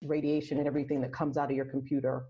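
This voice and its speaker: A woman talking as a podcast guest in casual interview chat, soft and reflective, often restarting her sentences. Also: rumbling low, little pitch movement, rapid-fire. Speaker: podcast guest, aromatherapist and health coach. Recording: lo-fi muffled sound.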